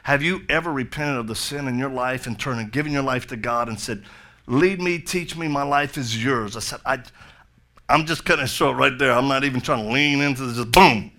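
A man's voice: medium pitch, a little fast, sharp tone. A middle-aged male pastor preaching a sermon, telling a story with jokey asides and then building to fervent appeals.

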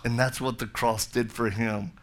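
A man's voice: medium pitch, steady tone, moderate pace, fairly bright tone. A middle-aged male pastor preaching a sermon, telling a story with jokey asides and then building to fervent appeals.

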